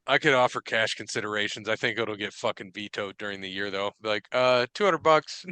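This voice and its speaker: Bright, clear-voiced man telling stories. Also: fairly low pitch, fast, no room sound. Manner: profane, animated storytelling with quoted dialogue. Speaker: podcast co-host. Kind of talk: casual chat.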